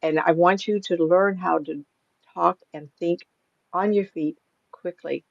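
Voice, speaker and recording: A woman's voice: lowish voice, steady tone, unhurried, gravelly, no echo, lo-fi sound. An older woman, a psychic medium, chatting casually in an interview, rambling through stories and laughing often.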